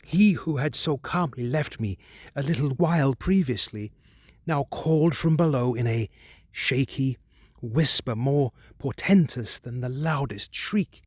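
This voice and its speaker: A man narrating a horror audiobook in a measured, hushed, dramatic way. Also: medium pitch, husky, dry recording, clean studio sound.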